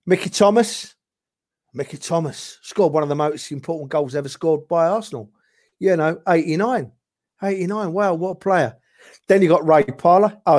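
A man's voice: on the high side, darkish tone. A man in casual chat, reminiscing about favourite players, rambling with chuckles and restarts. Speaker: podcast guest, football fan.

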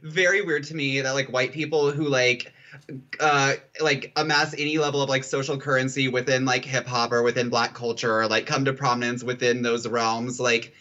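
A man's voice: mid-range voice, moderate pace, muffled recording. A young man co-hosting a casual podcast chat, rambling with lots of fillers and restarts. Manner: rambling, filler-heavy, animated. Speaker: podcast co-host.

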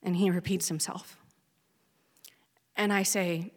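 A woman's voice: lowish voice, moderate pace, a bit bright. Woman telling a raw personal story. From Oregon, USA. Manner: earnest, plainspoken, emotionally raw. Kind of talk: personal story told on stage. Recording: long hall reverb.

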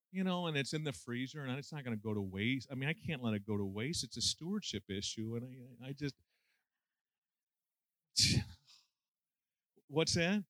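A man's voice: medium pitch, fairly bright tone, no room sound. A man in his sixties preaching a conversational sermon with folksy, self-deprecating humor and lots of fillers. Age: 60s.

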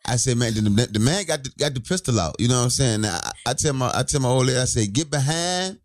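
A man co-hosting a podcast, chiming into the story in relaxed, profane casual chat. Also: medium pitch, racing. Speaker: podcast co-host.

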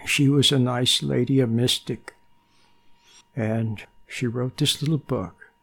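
Gravelly older man giving a gentle spiritual talk. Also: medium pitch, steady tone, slow. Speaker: meditation teacher.

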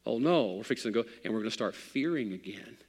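A man's voice: fairly low pitch, quick pace, breathy edge. Preaching man, hall echo. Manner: preaching with wide swings from loud to hushed. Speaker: pastor. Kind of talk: sermon.

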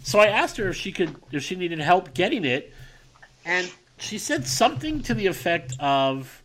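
A man co-hosting a casual podcast, telling a story in an animated way. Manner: animated storytelling, quick pitch jumps. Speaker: podcast co-host.

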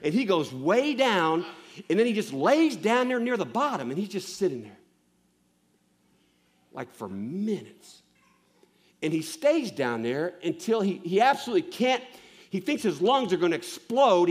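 High-voiced impassioned male preacher. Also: very animated, moderate pace. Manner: impassioned, swinging from loud emphasis to hushed lows; repeats lines for emphasis, asks the listeners questions. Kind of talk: sermon.

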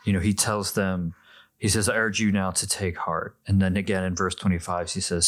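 Man, podcast co-host, lowish voice, dry close sound, measured reflective talk. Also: fairly even intonation, a bit bright, dry recording. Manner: measured, reflective, with frequent restarts. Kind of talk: casual Bible discussion.

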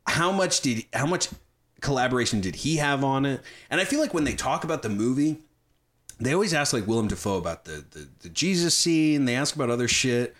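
A male podcast host speaks fairly quickly in a mid-range voice during a casual film discussion. He is animated and enthusiastic and swears freely.

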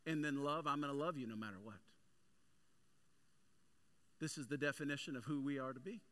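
A male pastor preaching a sermon with energetic, animated storytelling. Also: mid-range voice, brisk.

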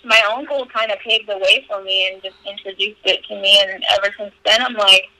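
Young woman guest on a podcast, super bright voice, dry close mic, swears a lot and says like constantly. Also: mid-range voice, steady tone, brisk, no echo, low-quality recording. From California. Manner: candid, profane, lots of "like" fillers. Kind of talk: casual storytelling interview.

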